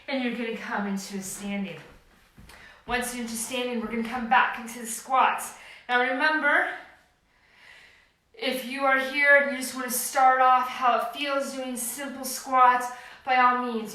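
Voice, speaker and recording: An upbeat fitness instructor in her forties counts reps and talks viewers through each move at an unhurried pace. Her voice is bright and fairly high, picked up from across a very echoey room with a faint hiss underneath. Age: 40s. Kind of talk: home workout class instruction. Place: home room. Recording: echoey room, mic at a distance.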